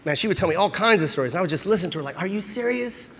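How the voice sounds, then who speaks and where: A man's voice: fairly high pitch, racing, fairly bright tone, a little hiss or hum. A man performing a stand-up comedy set, telling a profane, rambling story with restarts. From Filipino family. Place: comedy club stage with audience. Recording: live club recording with long reverb.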